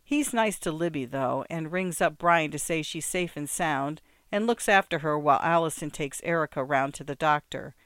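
A man narrating an audiobook in a measured, wry storytelling manner. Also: on the high side, fairly bright tone, smooth, dry recording. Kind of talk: scripted narration.

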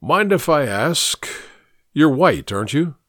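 A man reading an audiobook, voicing a tired older bishop who speaks in a slow, measured way. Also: on the high side, sing-song, a bit bright, dry recording, studio quality, pitched above the performer's own voice, heavily acted. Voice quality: tired, intoning. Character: weary, smooth-talking older male bishop.

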